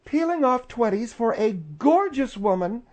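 A woman's voice: a little high, big pitch swings, a little slow, darkish tone. Indignant, needling woman co-host. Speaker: radio co-host. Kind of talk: casual radio banter.

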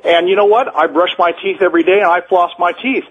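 A man's voice: high voice, fast talker, slight background noise. A man in his forties calling a radio show, firm and lecturing. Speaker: caller, business manager. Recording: muffled phone line.

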